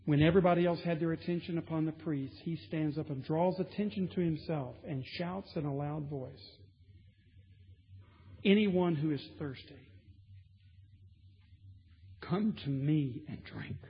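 Emphatic preacher in a reverberant church. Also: male voice, on the high side. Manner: emphatic, building intensity with repetition. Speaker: pastor. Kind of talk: sermon. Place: large church sanctuary. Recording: dull sound with long hall reverb.

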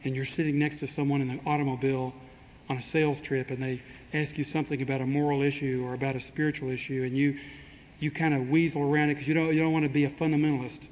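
A man preaches a conversational sermon, putting rhetorical questions to his congregation and acting out quoted speech with dry humor. He talks fast in a flat, darkish, mid-range voice. The room has long hall reverb and faint ambient noise.

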